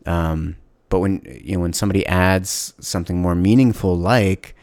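Low gravelly man, candid and halting. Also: a little mellow, dry recording, studio quality. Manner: candid, reflective, halting with many restarts. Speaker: podcast host. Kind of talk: casual solo podcast monologue.

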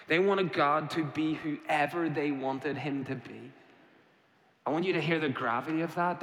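A man's voice: a little high, a bit bright. A man preaching a sermon, emphatic and repetitive, posing rhetorical questions to his congregation. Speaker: pastor. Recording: echoey hall reverb.

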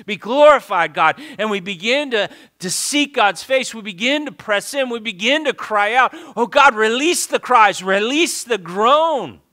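A male pastor preaching a sermon, swinging from loud fervent exhortation to hushed pleading and often repeating words when stirred. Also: high-pitched, lively intonation, a little slow.

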